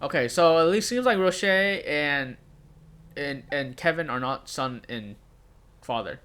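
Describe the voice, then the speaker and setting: A man's voice: fairly high pitch, lively intonation, measured pace, fairly bright tone, clean tone. A young man playing a video game, reading the characters' lines aloud with light voicing and breaking off into laughs and puzzled asides. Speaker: gamer. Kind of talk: let's play commentary, reading game dialogue aloud.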